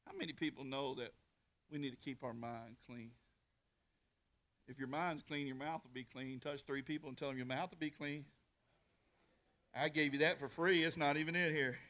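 A male pastor preaching a sermon in a folksy, animated way, often restarting his phrases. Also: medium pitch, normal speed, long pauses.

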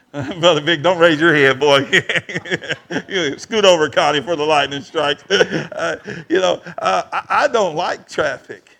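A man preaching to his congregation in a lively, folksy way. His voice sits a little high for a man, and he keeps calling out to the pews for answers. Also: takes it slowly, vocal fry. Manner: lively preaching with crowd call-outs and folksy grammar. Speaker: pastor. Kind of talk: sermon. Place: church.

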